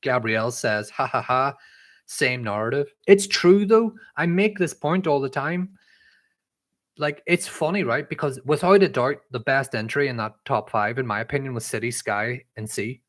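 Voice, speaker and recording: A man's voice: medium pitch, moderate pace. A young man with a mixed Irish accent hosts a casual live-stream Q&A, chatting loosely and reading viewer questions aloud with lots of "um" and "like". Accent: mixed Irish, shifted by living abroad. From Northern Ireland. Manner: chatty and rambling, many "um" and "like" fillers, reads chat messages aloud. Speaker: livestream host answering viewer questions.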